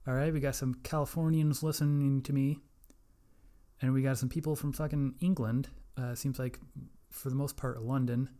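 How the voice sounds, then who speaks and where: A man's voice: mid-range voice, mellow. A young man hosting a casual solo podcast, rambling, profane and self-mocking. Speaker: podcast host.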